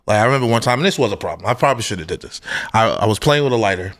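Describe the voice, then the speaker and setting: A man's voice: fairly low pitch, lively intonation, very fast, a bit bright. A man co-hosting a podcast, telling loose, profane stories about his family in casual chat. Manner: storytelling, loose and profane, acts out family quotes. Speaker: podcast co-host.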